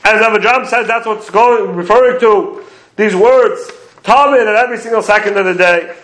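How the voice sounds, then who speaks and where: Very high-pitched male Torah teacher, methodical explainer, roomy echo. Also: moderate pace, a bit bright. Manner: explains commentaries step by step, quoting Hebrew phrases. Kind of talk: prayer commentary lecture.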